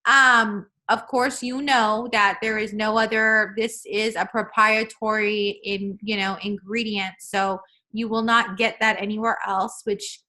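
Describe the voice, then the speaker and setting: A woman, chatting casually in a vlog as a fitness coach, excitable and calling her viewers y'all. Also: mid-range voice, measured pace, rough recording. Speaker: fitness coach walking through a meal plan.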